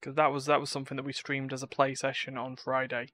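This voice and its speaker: A man's voice: medium pitch, monotone, fast, bright, forceful tone, dry recording. A man hosting a casual gaming podcast, talking in a rambling, opinionated way with many restarts. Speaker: podcast host. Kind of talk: casual chat.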